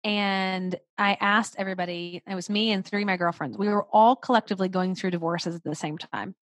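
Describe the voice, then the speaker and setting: A woman's voice: mid-range voice, steady tone, a little fast, no echo. A woman hosting a podcast, telling stories expressively and reflecting thoughtfully in casual conversation. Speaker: podcast host.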